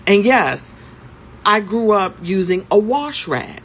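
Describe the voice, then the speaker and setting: A woman's voice: medium pitch, very animated, slow, full character voice. A woman voicing a chatty middle-aged Southern white woman with a folksy way of talking.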